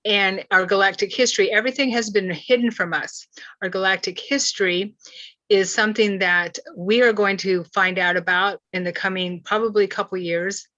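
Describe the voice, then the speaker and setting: Bright-voiced woman hosting a spiritual talk. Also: medium pitch, steady tone, no echo. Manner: earnest, halting with restarts. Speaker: host. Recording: dull, slightly lo-fi.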